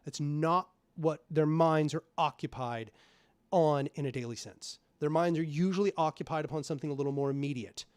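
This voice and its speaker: A man from Oklahoma hosting a livestream, talking through chat messages in a loose, rambling way. His voice sits slightly high. The mic is close and the sound is dry. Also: normal speed, smooth, no echo. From Oklahoma, USA. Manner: rambling, conversational, frequent laughs. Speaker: livestream host. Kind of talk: livestream chat reading and commentary.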